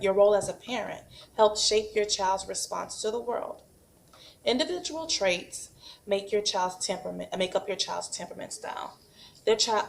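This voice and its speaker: A woman's voice: mid-range voice, gravelly, a little hiss or hum. Patient woman teaching a toddler craft. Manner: patient, slow and encouraging, models sing-song animal sounds for toddlers. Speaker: preschool teacher. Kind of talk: craft demonstration and parenting tips. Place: home.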